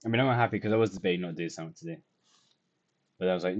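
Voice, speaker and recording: A man's voice: low voice, rapid-fire, pauses often, dull audio. A tired young man, rambling and self-deprecating as he talks through his drawing in a casual video diary. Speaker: vlogger.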